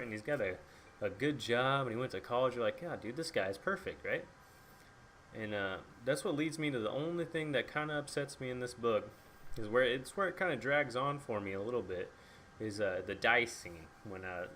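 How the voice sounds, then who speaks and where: A man's voice: mid-range voice, a bit bright, a little hiss or hum. A young man chatting casually about a book and its movie, swearing freely and acting out lines. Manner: acts out characters' lines in quick asides. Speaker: book reviewer.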